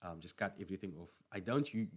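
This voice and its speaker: A man's voice: sits low, quick pace. A man chatting casually on a stream, rambling and correcting himself as he goes. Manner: rambling, self-correcting, filler-heavy. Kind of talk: casual chat.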